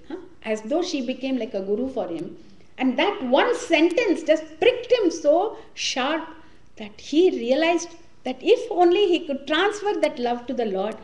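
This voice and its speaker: A woman tells a devotional story to a gathering, and her voice sits high and expressive. The recording carries a clear echo of the room around her. She talks in an animated storytelling way. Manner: warm, animated storytelling with Hindi words. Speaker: spiritual class leader. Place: community hall or temple room.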